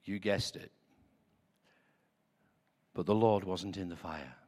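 A man preaching a sermon with passion, moving between hushed, prayerful lines and loud declarations. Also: sits low, takes it slowly, long reverb tail.

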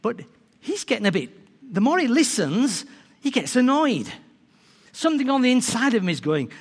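Animated preacher in an echoing hall. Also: male voice, very high-pitched, moderate pace, long pauses, husky. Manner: animated storytelling, acting out characters. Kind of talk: sermon. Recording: long reverb of a large hall.

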